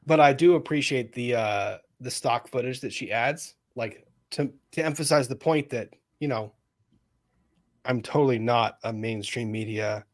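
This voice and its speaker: A man hosting a casual live commentary stream, talking fast and loose, cutting in with questions and addressing his viewers directly. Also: mid-range voice. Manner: animated, interrupts, ranty, talks to viewers. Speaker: livestream host.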